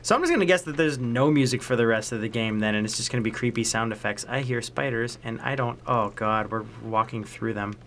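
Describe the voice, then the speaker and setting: A young man giving casual commentary while he plays a video game. He gets excitable, talks to the characters on screen and repeats phrases. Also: mid-range voice, brisk, few pauses, slight background noise. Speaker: let's play host.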